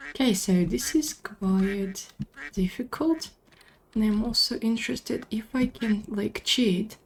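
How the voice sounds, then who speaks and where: A young woman with a non-native English accent hosting her gaming channel, giving casual gameplay commentary and squealing excitedly when things go wrong. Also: a little high, takes it slowly, vocal fry. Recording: music playing behind the voice.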